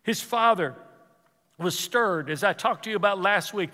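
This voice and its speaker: A man preaching as pastor, telling a story with repeated words and dropping to a hush for emotional quotes. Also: high voice, normal speed, long reverb tail. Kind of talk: sermon.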